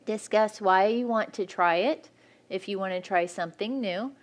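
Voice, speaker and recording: A woman's voice: medium pitch, normal speed. A woman speaking frankly and practically at a church marriage workshop, teaching couples.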